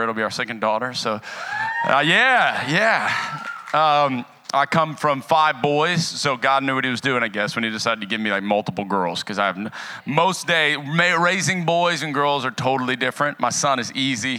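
A man's voice: mid-range voice, low-quality recording. A young man preaching as a guest pastor, casual and joking with the congregation before moving into a sermon. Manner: casual, joking, lively with the crowd. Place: church sanctuary.

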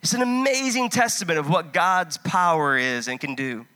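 A man preaching a sermon, impassioned and conversational, swinging from loud urging to hushed storytelling. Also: on the high side, lively intonation, moderate pace, clear, resonant tone. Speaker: pastor.

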